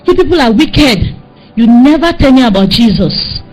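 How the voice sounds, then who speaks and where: A woman's voice: a little high, expressive, moderate pace, poor audio. A woman voicing an angry dead man back from hell. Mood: furious. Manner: shouting, repeating accusations.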